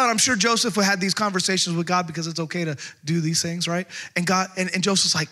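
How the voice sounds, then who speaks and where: A man preaching an energetic, emphatic sermon who repeats words and acts out voices. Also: high-pitched, fast talker, few pauses. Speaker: pastor.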